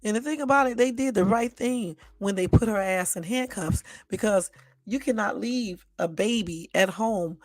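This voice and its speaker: A woman's voice: mid-range voice, normal speed, darkish tone, no room sound. A woman hosting a live stream, reacting bluntly and with exasperation to news clips, repeating herself and swearing casually. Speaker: channel host.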